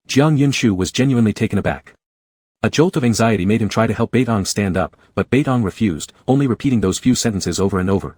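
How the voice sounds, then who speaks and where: Low husky male narrator. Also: animated, fast, a little mellow, no echo, studio quality. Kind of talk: scripted story narration.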